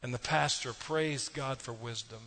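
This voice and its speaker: A man's voice: mid-range voice, unhurried, bright, forceful tone. Folksy preacher man. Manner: folksy storytelling with audience asides. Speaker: pastor. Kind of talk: sermon.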